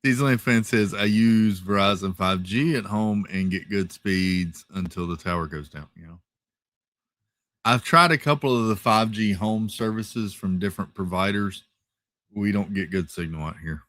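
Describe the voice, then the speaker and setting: A man hosting a casual live stream from home, reading viewer comments in a relaxed, chatty way with lots of fillers and repeated thank-yous. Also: on the low side, moderate pace, no echo. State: tired, yawning. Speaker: livestream host. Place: home, rural area.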